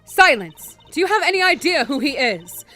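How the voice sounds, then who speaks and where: A woman's voice: high-pitched, very animated, normal speed, pushed and bright, faint music behind, pitched above the performer's own voice, exaggerated voice. A woman voicing a stern, haughty young female prosecutor who speaks in a clipped, imperious way.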